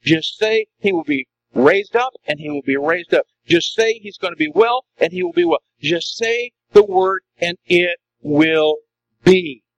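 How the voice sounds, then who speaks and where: A man's voice: high-pitched, animated, unhurried, no room sound, lo-fi sound. A man preaching a sermon as a pastor, emphatic and full of rhetorical questions to the congregation.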